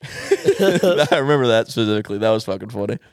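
A man's voice: on the low side, big pitch swings, brisk, darkish tone, no room sound, clean studio sound. A young man in casual podcast chat, rambling through a funny story, swearing and laughing often. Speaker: podcast co-host.

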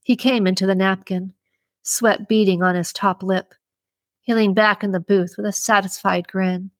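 A woman reading a thriller audiobook in an even, measured way. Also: medium pitch, dry recording. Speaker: audiobook narrator. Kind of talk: scripted audiobook narration.

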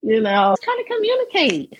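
A woman's voice: high voice, wildly swooping pitch, normal speed, breathy edge, lo-fi sound. A woman in a casual group chat, chatty and laughing between thoughts. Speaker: panelist.

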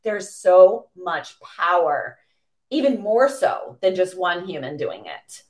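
A woman in her forties from the Boston area, a coach telling stories as a podcast guest in a gushing, excitable way with lots of fillers. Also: fairly low pitch, takes it slowly. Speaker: interview guest, women's coach. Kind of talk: animated storytelling in a podcast interview.

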